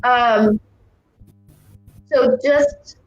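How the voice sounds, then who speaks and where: A woman's voice: a little high, steady tone, extremely slow, dull audio, faint music behind. A woman clairvoyant giving a psychic reading, talking earnestly and repeating herself as she passes on messages. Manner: earnest, repetitive, relays quotes from the dead.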